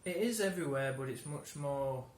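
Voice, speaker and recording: A man's voice: medium pitch, animated, normal speed, slight background noise. A man explaining words in a conversational lesson, laughing and restarting often. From England. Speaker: English teacher. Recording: roomy room, faint ambience.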